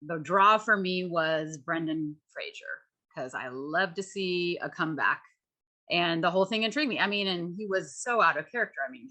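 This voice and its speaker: A woman's voice: lowish voice, bright, forceful tone. A woman in her forties, a podcast guest, chatting casually and enthusiastically. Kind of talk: casual chat.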